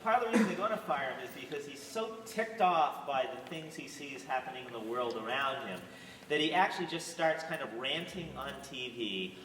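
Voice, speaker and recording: A man's voice: mid-range voice, lively intonation, brisk, a bit bright. A man directing a school theater rehearsal, coaching the cast in an earnest, lecturing way. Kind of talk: rehearsal instructions. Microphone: distant camera mic. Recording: echoey hall, far off, noisy.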